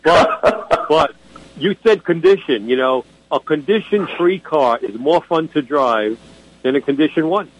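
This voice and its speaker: A man's voice: on the high side, expressive, measured pace, low-quality recording. A man from Brooklyn, co-hosting a radio car show in a blunt, opinionated, joking way. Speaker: co-host. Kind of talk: casual radio chat.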